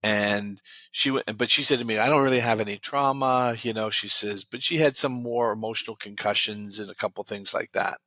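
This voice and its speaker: Man, interview guest, lower pitch, tense bright tone, dry close sound, storytelling with lots of quotes. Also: fairly even intonation, normal speed, few pauses, no room sound. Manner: retells client stories with many quoted lines. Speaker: guest expert.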